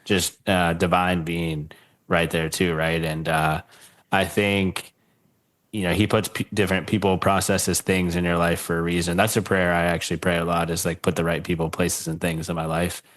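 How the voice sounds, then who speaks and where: A man's voice: low voice, little pitch movement, normal speed, a bit bright. A man hosting a podcast interview, talking casually with a lot of fillers and reactions. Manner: casual, laughs often, many fillers like dude and uh. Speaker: podcast host. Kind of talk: conversational interview.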